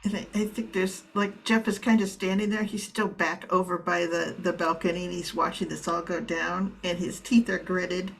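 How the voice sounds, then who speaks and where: A woman player describing her character's actions in a relaxed, halting way. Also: on the low side, vocal fry, rough recording.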